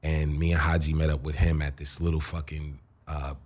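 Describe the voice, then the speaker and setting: A man's voice: very deep voice, little pitch movement, moderate pace, darkish tone. A man as a radio interview guest, telling a rambling, profane story full of fillers and restarts. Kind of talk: casual storytelling. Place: radio studio.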